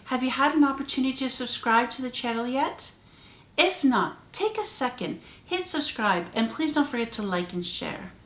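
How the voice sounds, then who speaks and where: A woman hosting her own vlog, talking straight to the viewer and shifting her pitch and loudness for emphasis. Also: expressive, moderate pace. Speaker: channel host. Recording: roomy echo.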